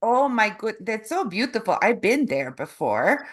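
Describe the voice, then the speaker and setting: A woman interviewing a guest, speaking haltingly as she searches for her words. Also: mid-range voice, sing-song. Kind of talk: casual interview.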